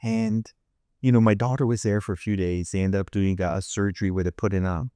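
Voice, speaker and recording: A man's voice: on the low side, fairly even intonation, fairly quick, dark tone, clear, resonant tone, no room sound, clean studio sound. A middle-aged man hosting an interview, telling a family story with many restarts and acted-out voices. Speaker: host.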